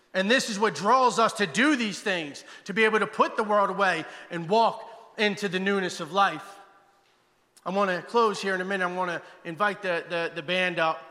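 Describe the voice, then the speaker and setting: A man preaching a passionate guest sermon, swinging between loud exclamations and hushed, intense passages. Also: sits high, in a large hall.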